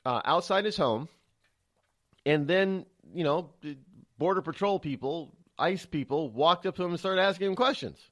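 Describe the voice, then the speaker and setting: A man's voice: fairly high pitch, animated, normal speed, fairly bright tone. Rambling male talk radio host. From United States. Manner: rambling, repeats words, indignant asides. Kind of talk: solo political commentary.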